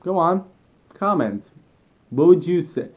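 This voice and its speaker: A young man vlogging an excited, rambling fan rant with frequent self-corrections. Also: fairly high pitch, takes it slowly, muffled recording.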